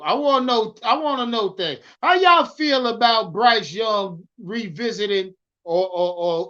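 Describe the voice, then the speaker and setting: A man hosting a live stream, loudly hyped and swearing as he ranted about football and answered his chat. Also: high voice, lo-fi sound. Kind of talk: profane live-stream sports rant.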